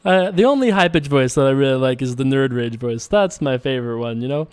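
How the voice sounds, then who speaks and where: Smooth-voiced man, rambling poker host. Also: mid-range voice, lively intonation, a little fast, dry recording. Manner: rambling and playful, many fillers, frequent self-laughing asides. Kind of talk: casual commentary while playing online poker.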